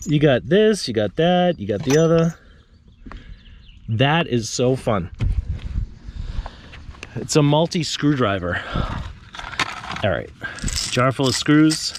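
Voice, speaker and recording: A man vlogs casually to camera on a suburban street, a trash picker chatting with viewers and joking in asides. He's animated but slow, with medium pitch and frequent pauses, against a noisy background.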